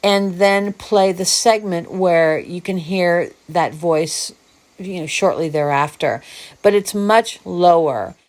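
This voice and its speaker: A woman's voice: on the low side, slow pace, darkish tone. A woman hosting her own video diary podcast, musing aloud in a meandering, reflective way. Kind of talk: personal diary monologue.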